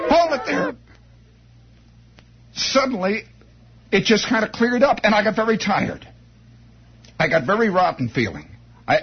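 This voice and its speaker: A man telling a rambling comic story in an animated, digressive way. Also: very high voice, highs cut off. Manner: animated, digressive, breaks into laughter and sound effects.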